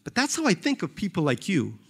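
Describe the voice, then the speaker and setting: A man reading a novel aloud, voicing a calm, reproachful younger friend who speaks in a quiet, measured and blunt way. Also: high voice, gravelly, slightly rough, pitched above the performer's own voice, full character voice.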